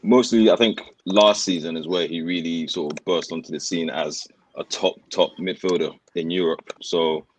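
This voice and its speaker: A man with a low voice speaks on a remote podcast call. He talks in a steady way, listing points one after another. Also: normal speed, hardly any pauses, a little hiss or hum, poor audio. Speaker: podcast panelist. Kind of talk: casual football podcast chat.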